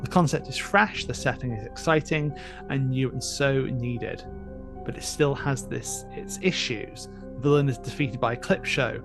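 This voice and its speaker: A man's voice: mid-range voice, normal speed, music in the background. A man co-hosting a casual podcast, reading listener emails aloud with enthusiastic, chatty energy. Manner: enthusiastic, chatty, laughs often.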